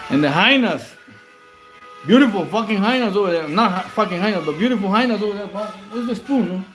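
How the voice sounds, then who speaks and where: A man from Southern California, chatting casually and profanely with his livestream viewers while eating at home, calling them bro and homie. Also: high-pitched. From Whittier, Southern California. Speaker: livestream host. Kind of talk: late-night casual livestream chat.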